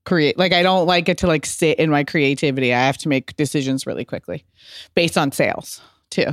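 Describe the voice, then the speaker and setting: A woman hosting a casual interview, chatty and quick to laugh. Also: low voice, no echo. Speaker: podcast host. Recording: dry close mic.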